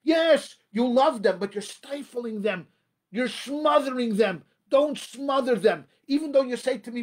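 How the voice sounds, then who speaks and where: A rabbi giving a motivational talk on marriage, emphatic, repeating phrases and calling the audience ladies and gentlemen. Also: male voice, extremely high pitch, animated, normal speed.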